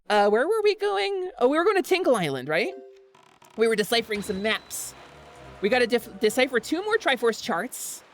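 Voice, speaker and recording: A woman's voice: fairly high pitch, very animated, a little slow, long pauses, no echo, faint music behind. A young woman chatting playfully while streaming a game, giggling and slipping into goofy in-character bits. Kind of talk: casual chat while gaming.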